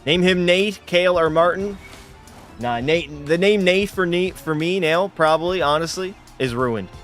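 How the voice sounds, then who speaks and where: Young guy streamer, fairly high voice, casual and profane, faint music under. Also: unhurried, a bit bright. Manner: casual, swearing, frustrated outbursts. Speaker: gaming streamer. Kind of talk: live game commentary with chat.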